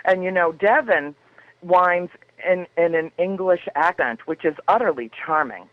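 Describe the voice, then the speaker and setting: A woman's voice: lowish voice, unhurried, dry recording, narrow, tinny audio. A woman guest on a radio talk show, chatting in an effusive, dramatic storytelling way. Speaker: guest author.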